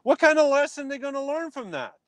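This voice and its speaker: A man's voice: very high voice, brisk, no echo. A man talking casually on a live stream from his phone, reacting and answering viewers' comments. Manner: animated, talks back to chat comments. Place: outdoors in a yard at dusk.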